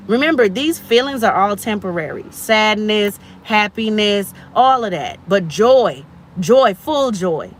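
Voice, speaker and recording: A woman in her thirties speaks on a live stream, encouraging and a little preachy, and she repeats her key phrases for emphasis. Faint traffic and street noise sit behind her voice. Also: mid-range voice. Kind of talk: motivational live stream talk.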